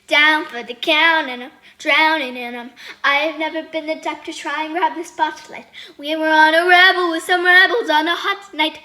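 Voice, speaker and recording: A woman's voice: high voice, flat delivery, normal speed, sharp tone. A woman singing the part of a smitten young woman, one of the roles in a one-woman musical performance with soaring held notes. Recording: echoey room.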